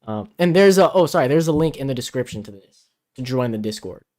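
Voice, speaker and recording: Quick and animated, a livestream co-host with a mid-range, darkish voice reads viewer comments aloud and chats casually. The stream comes from a home in the Philippines, with sound taken from a camera-mounted mic out of frame.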